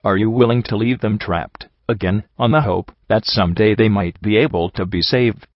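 A blunt, weary stallion , as a man reads him. His words are low and dry, and the recording is muffled and close. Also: normal speed, no room sound, lightly acted. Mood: grim. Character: blunt, weary male pony companion.

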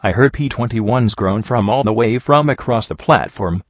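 A man narrating an audiobook story in a steady, even storytelling manner. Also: mid-range voice, moderate pace, no echo, lo-fi sound. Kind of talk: audiobook narration of fan fiction.

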